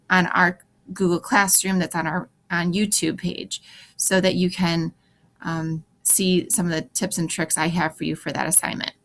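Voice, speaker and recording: A woman's voice: on the low side, a bit bright. A woman teacher recording a tutorial for her students, talking them step by step through each click with practical, encouraging advice. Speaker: French teacher. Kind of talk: screen-recorded class tutorial.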